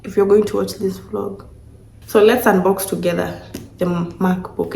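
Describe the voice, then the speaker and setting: Emotional young woman with a gravelly voice. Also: medium pitch, steady tone, measured pace, darkish tone. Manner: emotional, gushing, repeats herself. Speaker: vlogger. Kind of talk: casual vlog, unboxing gifts. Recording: echoey room, faint noise.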